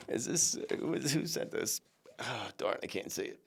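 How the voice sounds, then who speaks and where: A man's voice: lowish voice, takes it slowly, vocal fry, slightly rough. A man hosting his own psychic talk show, chatting casually and joking as he reads out viewers' holiday cards. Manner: lively, animated, jokey, grateful.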